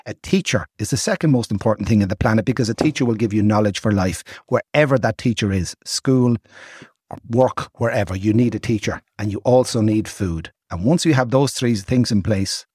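This older Irish man talks with a husky, slightly breathy edge, spinning enthusiastic yarns in loose conversation. The sound is dry and close, with next to no room around him. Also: on the low side, brisk, dry recording. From Ireland. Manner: animated, laughing storyteller with broad enthusiasm. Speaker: podcast guest recounting travels. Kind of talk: casual storytelling chat.

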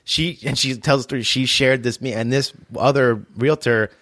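A man telling profane, comic stories in a casual podcast chat, putting on quick voices. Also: mid-range voice, fairly bright tone, no echo. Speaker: podcast co-host; realtor.

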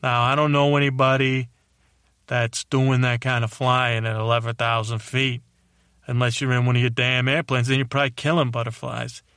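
A man voicing a loudmouth male butterfly who rants angrily at humans in a brash, rambling way with a put-on tough-guy accent. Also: mid-range voice, flat delivery, racing, hardly any pauses, clean tone, no echo, clean studio sound, lightly acted. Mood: ranting. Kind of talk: comedic character monologue.

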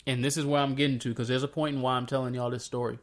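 A man telling a Bible story in a casual, slangy way, breaking into animated retellings of the scenes. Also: medium pitch, rapid-fire. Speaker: speaker sharing a faith story. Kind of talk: casual spoken reflection.

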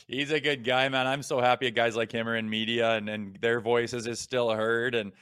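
A man in his thirties, a co-host and former hockey player, chatting casually and telling relaxed stories with some swearing. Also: medium pitch, unhurried, clear, resonant tone, dry recording, studio quality. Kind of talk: casual podcast chat.

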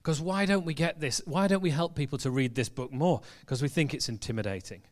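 A church pastor preaches in a church hall in a relaxed, conversational storytelling manner, full of fillers and restarts. His voice is a little high and his pace fairly quick.

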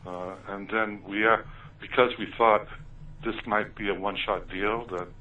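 Man, very low voice, hesitant storytelling, thin phone-line sound, distant from the mic. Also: fairly even intonation, moderate pace, slight background noise. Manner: hesitant, many ums and uhs. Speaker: author recounting his experiences. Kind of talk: interview storytelling.

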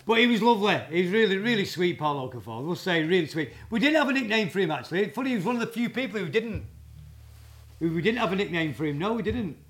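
A man, a guest drummer telling rambling, halting anecdotes in a casual interview. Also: high voice, expressive, a bit bright. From England.

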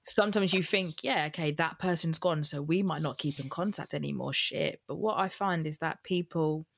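A woman's voice: low voice, a little fast, gravelly. A woman hosting a podcast, asking long, searching questions with many fillers. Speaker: podcast host. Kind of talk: conversational interview.

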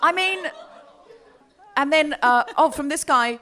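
A woman's voice: sits high, slow pace, long pauses. A woman telling a comic story on a live comedy podcast, reading out messages with relish. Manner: animated, reads out messages with relish. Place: comedy festival stage before a live audience.

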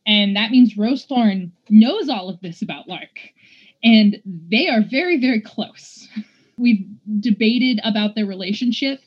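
A woman in a casual book discussion, explaining things in a measured way. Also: mid-range voice. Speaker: book club member. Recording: dull lo-fi recording.

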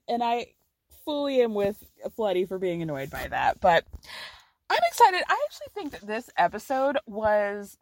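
A woman hosting a podcast, recapping reality TV in a chatty, giggly, animated way. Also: medium pitch, no room sound. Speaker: podcast host.

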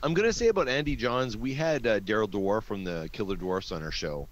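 A man's voice: lowish voice, lively intonation, a little fast, dull audio. A man in a casual podcast chat, explaining a point at length.

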